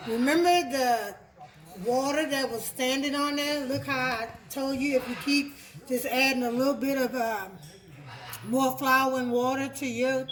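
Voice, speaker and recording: A woman's voice: sits high, a bit bright, rough recording. A woman from Texas, chatting her way through a home cooking demonstration in a kitchen. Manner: chatty, homey, repeats words while explaining. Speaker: cooking vlogger.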